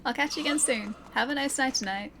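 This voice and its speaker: A woman's voice: high voice, fast talker, pushed and bright, a little hiss or hum. A young woman streaming a video game, chatting casually with her viewers and giggling between lines. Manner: chatty, giggly, reads chat aloud. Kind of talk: casual gameplay commentary. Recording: game music playing behind. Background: game music.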